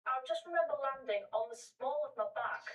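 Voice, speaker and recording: A woman's voice: sits high, a little fast. A woman guest on a panel show, telling a comic anecdote with hesitations and laughter. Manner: hesitant, laughs through her story. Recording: roomy studio, distant mic.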